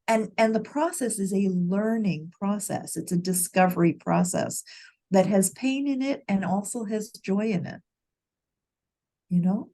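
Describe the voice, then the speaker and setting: A woman's voice: medium pitch, a little slow, a little mellow. A woman co-hosting a heartfelt conversation, telling a personal story earnestly and restarting her sentences often. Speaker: grief educator, co-host. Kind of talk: reflective conversation.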